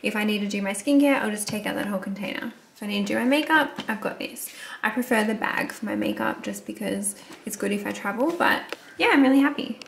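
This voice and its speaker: A woman's voice: medium pitch, fast talker, creaky, slight background noise. A young woman in her twenties, vlogging casually at home into a phone camera, chatty and confiding, swearing now and then. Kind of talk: casual vlog chat to camera.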